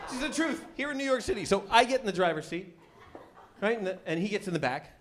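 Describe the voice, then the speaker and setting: A male stand-up comedian tells a story on a club stage and acts out the characters as he goes. His voice sits a little high for a man. The handheld-mic recording carries clear live club noise. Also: quick pace. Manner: storytelling, animated acting-out of characters. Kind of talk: stand-up routine.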